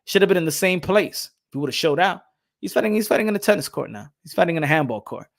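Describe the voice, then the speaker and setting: Animated, high-pitched ranting man. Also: fast talker, creaky. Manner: animated, profane, repeats himself, mocks with put-on voices. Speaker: boxing commentary host. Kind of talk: casual ranting commentary.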